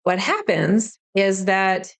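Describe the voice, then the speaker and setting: A woman's voice: medium pitch, animated, slow pace, vocal fry. A woman hosting a solo spiritual podcast, talking straight to the listener in a chatty, reassuring way. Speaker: podcast host, spiritual teacher. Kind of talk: casual solo podcast talk.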